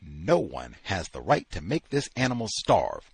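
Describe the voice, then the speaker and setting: A man voicing a furious, gruff male kennel owner who rants against everyone, read aloud from a novel. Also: deep voice, huge pitch swings, unhurried, voice pushed down, heavily acted. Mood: indignant. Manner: shouting, ranting.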